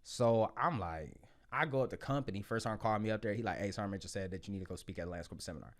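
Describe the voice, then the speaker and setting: A man in his thirties telling his story as a podcast guest, blunt and profane, loud when excited and quiet when reflective. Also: fairly low pitch, very fast. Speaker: podcast guest, Marine sergeant. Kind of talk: casual storytelling.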